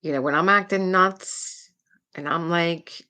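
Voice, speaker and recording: Middle-aged woman host of a casual live stream: a slightly low voice, talkative and rambling, with frequent laughs and filler words. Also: unhurried, sharp tone. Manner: chatty and rambling, laughs often, many "like" fillers. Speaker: livestream host. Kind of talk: casual chat to a live chat audience.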